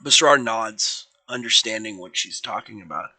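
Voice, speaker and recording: Young guy on a home stream telling his dnd fanfic, really bright voice, lots of ums and restarts. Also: fairly low pitch, normal speed, husky, rough recording. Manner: rambling, with fillers and self-corrections; voices figures without putting on accents. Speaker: storyteller streaming fan fiction. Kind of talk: casual live stream narration.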